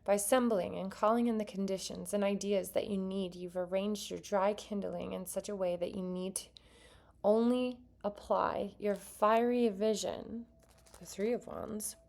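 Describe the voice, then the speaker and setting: A woman reads tarot cards for an online audience, mixing passages from her card book with her own chatty, earnest asides. Her voice sits at a middling pitch with a noticeable gravelly fry running through it. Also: fairly even intonation, moderate pace, darkish tone. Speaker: tarot reader. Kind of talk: casual tarot reading to viewers.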